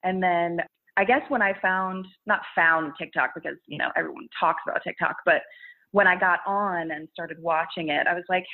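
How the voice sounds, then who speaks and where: In a casual interview captured with narrow, phone-like sound, a young woman talks fairly quickly in a lowish voice. She's a content creator discussing making videos, often laughing and beginning her thoughts again.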